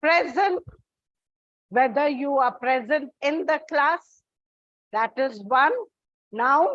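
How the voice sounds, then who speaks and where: Slow, high-voiced woman teaching English. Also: no room sound, lo-fi sound. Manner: slow, explanatory, spells out letters and repeats key points. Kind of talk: exam coaching lesson.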